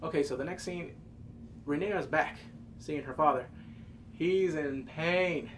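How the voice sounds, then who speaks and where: A man reviewing a TV episode in excited casual commentary, cursing freely, breaking into loud exclamations and quick character impressions. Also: on the high side, a little hiss or hum. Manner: animated, profane, jumps into loud exclamations; mimics characters in quick asides.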